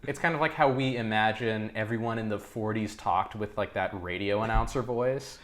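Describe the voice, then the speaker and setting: A man's voice: lowish voice, normal speed. A man co-hosting a movie podcast, chatting casually with lots of fillers and laughter. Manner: animated, laughing, filler-heavy. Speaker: podcast co-host. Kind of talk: casual film chat.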